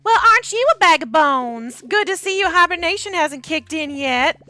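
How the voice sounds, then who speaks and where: A woman's voice: very high-pitched, expressive, normal speed, bright, forceful tone, pitched above the performer's own voice, full character voice. A woman voicing a cheerful, teasing mother bear with a put-on Southern accent. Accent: put-on American Southern.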